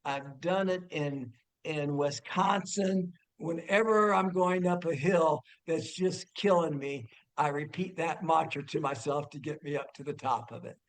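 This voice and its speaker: A man telling a personal story among family and friends, animated and laughing, with stumbling restarts and bursts of shouting. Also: a little high, measured pace. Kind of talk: casual storytelling.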